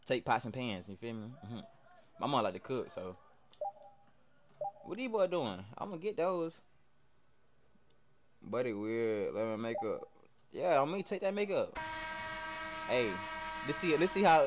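A young man streaming live, excitably commenting on his game, shouting at teammates and chatting with viewers in heavy slang. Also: mid-range voice, unhurried, pauses often, background noise. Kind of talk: live gameplay commentary and chat reading.

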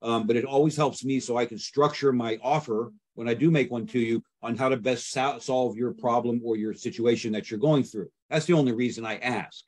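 A man with a husky voice and a middle pitch coaching listeners on sales calls. He talks casually and often plays out both sides of a phone conversation. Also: fairly even intonation, a little fast, few pauses, darkish tone. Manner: conversational, acts out sales calls with repeated fillers. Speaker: real estate sales coach. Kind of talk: instructional talk.

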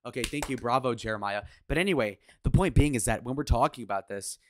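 A man's voice: medium pitch, quick pace, no room sound. Guy ranting over clips, sarcastic and crude, mid voice, dry sound. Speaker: reaction commentator. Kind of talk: reacting to podcast clips.

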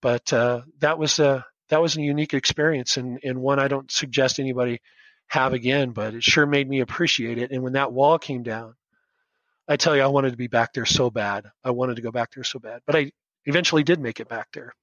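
A man's voice: mid-range voice, steady tone, fairly quick, a bit bright, no echo, dull audio. A man in his fifties from the United States, a teacher, telling his story as a podcast guest in an earnest, emotional way with many restarts. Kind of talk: casual storytelling interview.

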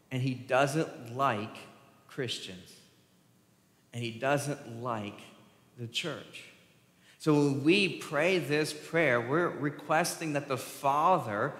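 A man preaching a sermon to his congregation, animated and asking them questions as he goes. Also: mid-range voice. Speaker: pastor. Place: church sanctuary. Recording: echoey long reverb from a church hall.

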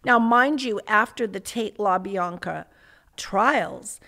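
A woman's voice: medium pitch, takes it slowly, gravelly, sharp tone. An older woman, a guest on a podcast, stating her views firmly and with emphasis. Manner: firm, emphatic opinions. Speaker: guest, victims' advocate. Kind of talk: casual interview chat.

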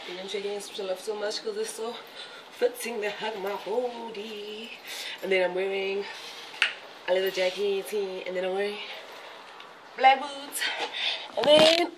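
A young woman chatting casually in her vlog, excitable and rambling, with frequent giggles. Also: medium pitch, background noise. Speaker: vlogger.

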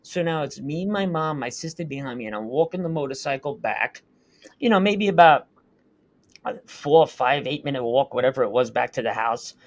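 A man's voice: mid-range voice, moderate pace. Earnest man telling a vivid story. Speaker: guest recounting a UFO sighting. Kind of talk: casual first-person storytelling.

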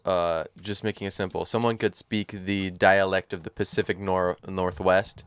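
A man's voice: low-pitched, flat delivery, moderate pace, smooth. A man co-hosting a casual podcast chat, thinking aloud in rambling sentences full of fillers. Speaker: podcast co-host.

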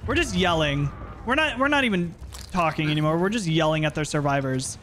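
A man livestreaming a game, chatting playfully and yelling at what happens on screen. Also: a little high, a little fast, slight background noise. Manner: animated, playful, yells at the game. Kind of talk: live gameplay commentary.

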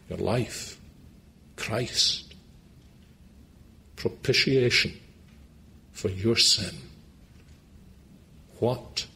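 A man's voice: lowish voice, sharp tone, a little hiss or hum. A man with a Scottish accent preaching a sermon in a church meeting, making earnest, pleading appeals to his listeners and closing in prayer.

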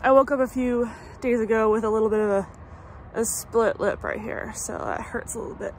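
A woman's voice: a little high, fairly even intonation, brisk, a little hiss or hum. A woman in her thirties chatting casually in a vlog update, rambling with lots of fillers and restarts. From United States. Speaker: vlogger. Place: home in summer, traffic passing outside.

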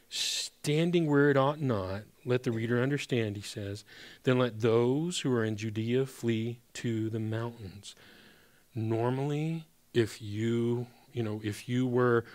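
A man preaching a sermon in a loose, conversational way, speaking at an ordinary middle pitch. He talks to the congregation like friends, pushing some words hard and letting others fall almost to a whisper. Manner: conversational preaching with sudden emphatic rises and hushed drops; addresses congregation as brothers and sisters. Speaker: pastor.

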